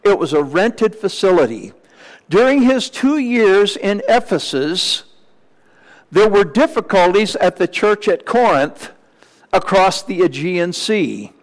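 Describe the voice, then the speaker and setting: A male pastor preaching a Sunday morning sermon in a measured, teacherly way, with small asides to the congregation. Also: sits high, expressive, big-room sound, poor audio.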